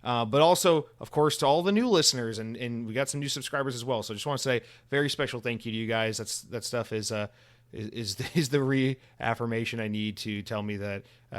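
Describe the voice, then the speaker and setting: A man's voice: medium pitch, fairly bright tone. A man in his thirties hosting a solo podcast alone, rambling casually with sarcastic, profane asides.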